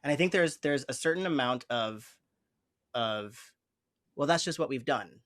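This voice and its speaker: A man's voice: medium pitch, lively intonation, a little slow, a bit bright. A man hosting an interview who talks in an earnest, reflective way, often searching for his words as he explains his thoughts as an improv teacher. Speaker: host. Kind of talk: conversational interview.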